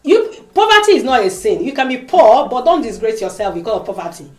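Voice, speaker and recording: In a casual vlog recorded in an echoey room, a woman speaks briskly in a voice on the high side. She's emotional and emphatic, animatedly acting out the voices of the people she quotes.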